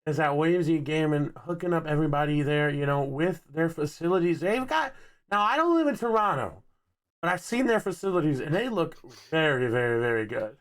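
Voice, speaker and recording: Laid-back joking male caster, higher voice. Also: expressive, fairly quick. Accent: Texan. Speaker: esports caster. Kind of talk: live game commentary.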